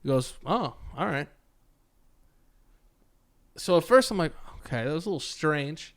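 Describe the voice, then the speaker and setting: Profane, animated podcast man. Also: a little high, a little slow. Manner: animated, profane storytelling with quoted voices. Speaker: podcast co-host. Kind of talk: casual storytelling chat.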